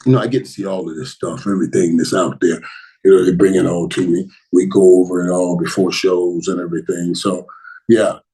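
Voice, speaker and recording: A man hosting a casual live stream and answering viewer questions, excitable and repeating himself, jumping from loud bursts to low mutters. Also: fairly quick, breathy edge, rough recording.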